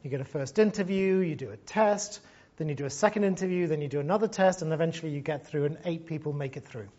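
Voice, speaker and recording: A man's voice: on the high side, fast, mellow, highs cut off. A man in his fifties from Gibraltar giving a reflective, conversational university lecture. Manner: conversational and reflective, thinks aloud. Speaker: lecturer, former broadcast journalist.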